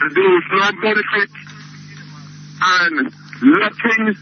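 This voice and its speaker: A man in his fifties with a Jamaican accent, calling in to a radio talk show, halting and earnest, often repeating himself. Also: high voice. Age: 50s. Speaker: caller. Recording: muffled phone line on radio, faint hiss.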